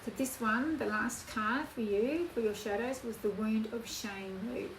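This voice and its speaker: A woman giving a spoken tarot reading in an earnest, emotional way, with slow emphatic phrasing. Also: on the high side. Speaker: tarot reader. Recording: echoey room, voice from off-mic, background noise.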